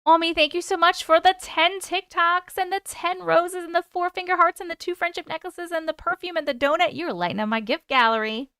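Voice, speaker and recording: Hosting a casual livestream, a woman chats and reads viewer comments aloud, thanking people for gifts. Her very high voice is bright and forceful, moving fairly quickly with hardly any pauses, captured in a dry, clean studio recording.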